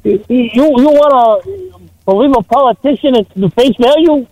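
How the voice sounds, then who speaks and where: A man's voice: very high-pitched, lively intonation, normal speed, mellow, no echo, lo-fi sound. A man calling into a morning radio show, blunt and emphatic, joking with the hosts. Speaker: caller. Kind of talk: call-in radio chat.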